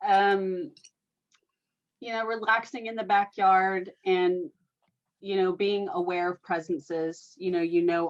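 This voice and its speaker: A woman's voice: lowish voice, dull audio. A woman telling a story in casual conversation, rambling and filling her speech with "you know" and "like.". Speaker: energy worker and guest.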